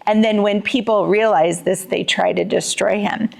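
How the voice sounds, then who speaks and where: Co-host, woman, slight vocal fry, laid-back and chatty, laughs easily. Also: medium pitch, steady tone, normal speed, noisy background. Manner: easygoing, laughs often, explains step by step. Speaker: co-host and executive producer. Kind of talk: casual cooking and book chat.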